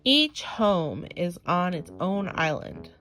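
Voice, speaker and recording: A woman reads a children's picture book aloud at bedtime, taking her time over each line. Her voice rises and falls in a lilting way, and faint music plays softly behind her. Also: fairly low pitch, very animated, slow, rough recording. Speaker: storybook reader. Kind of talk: bedtime story read-aloud.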